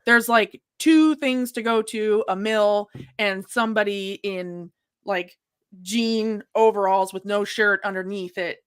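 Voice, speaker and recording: Young woman host, lively storyteller, mid-pitched voice, dry home mic. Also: slow, clean tone, no room sound. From Washington state. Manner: animated storytelling, acts out her own reactions. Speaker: podcast host. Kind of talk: casual livestream chat.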